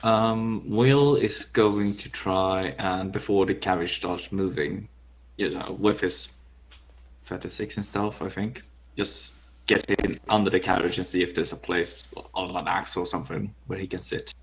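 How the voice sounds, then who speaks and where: A man's voice: deep voice, steady tone, unhurried, a little hiss or hum. A man playing a tabletop game, tentative and laughing through his lines. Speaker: player. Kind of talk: casual tabletop play.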